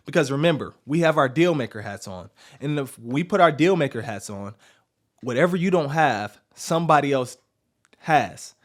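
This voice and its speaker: Male podcast host, mid-range voice, direct coaching delivery built on rhetorical questions. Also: mid-range voice. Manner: punchy, asks rhetorical questions and answers them.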